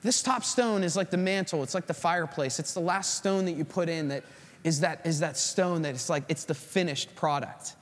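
A man preaching a sermon to a congregation, acting out stories in an animated way. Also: on the high side, moderate pace, in a large hall. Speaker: pastor.

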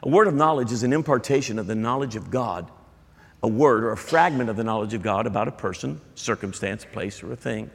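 Husky-voiced man preaching in a reverberant hall. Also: mid-range voice, a bit bright. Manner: emphatic, conversational preaching with asides to the congregation. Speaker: pastor. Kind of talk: sermon.

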